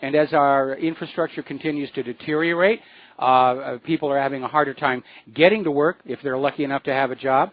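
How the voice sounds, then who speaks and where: Male call-in talk host, measured and explanatory, with a dry, slightly muffled studio sound. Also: mid-range voice, steady tone, dry recording. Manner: measured, explanatory, with frequent uh fillers. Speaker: radio talk show host. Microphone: studio microphone.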